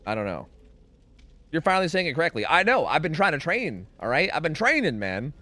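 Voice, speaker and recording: A man's voice: on the high side, sing-song, a little fast, sharp tone. A young American man chatting casually while streaming a game, rambling, swearing and humming to himself. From United States. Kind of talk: casual gaming livestream chat.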